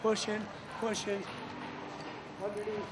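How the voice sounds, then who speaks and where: Heard in a noisy field recording, a man coaches lacrosse at practice, energetically calling out instructions and praise. His voice is high-pitched, yet his delivery is completely flat and slow-paced.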